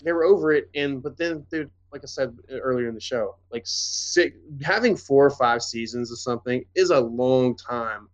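A man co-hosting a podcast in casual, rambling chat, swearing freely and getting animated. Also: medium pitch, moderate pace, hardly any pauses, dull audio. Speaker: podcast co-host.

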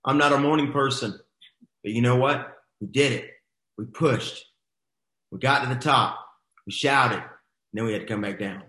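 A man's voice: medium pitch, moderate pace, long pauses, sharp tone. Emphatic motivational man in an echoey room. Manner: emphatic, exhorting, repeats phrases. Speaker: host of a coaching boot camp. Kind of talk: motivational storytelling.

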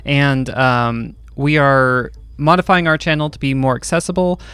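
A man's voice: mid-range voice, steady tone, normal speed, fairly bright tone, smooth, dry recording. A man introducing the cast as game master, hesitant with many ums and uhs. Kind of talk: casual actual-play intro.

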